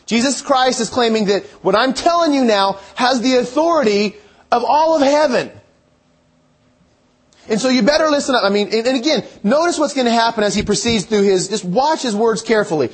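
Husky high-voiced preacher. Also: male voice, expressive, brisk. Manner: conversational, thinking aloud, restarting phrases. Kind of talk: sermon.

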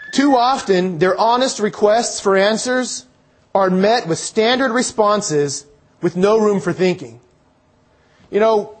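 Guy preaching, kinda high voice, earnest and chatty. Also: husky. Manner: earnest, conversational preaching with scripture quotes. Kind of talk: sermon.

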